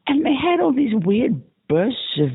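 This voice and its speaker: A man's voice: very high voice, big pitch swings, a little slow, breathy edge. A drunk man leaving a rambling voicemail, putting on a campy, exaggerated mock British accent. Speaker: podcast host leaving himself a voicemail. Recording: tinny phone voicemail.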